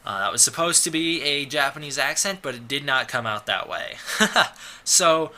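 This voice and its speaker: A man talks through a monster movie plot in a loose, rambling way, full of fillers and sarcastic asides. His voice is very bright and sharp-edged, sitting at an average pitch for a man. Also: lively intonation, moderate pace. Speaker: movie reviewer. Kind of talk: casual film review recap.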